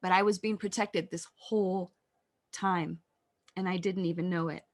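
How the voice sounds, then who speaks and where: Woman in her 30s telling her story on a podcast, slightly low voice, earnest and halting. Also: steady tone. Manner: earnest and reflective, with halting pauses and fillers. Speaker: podcast guest. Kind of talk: personal storytelling in an interview.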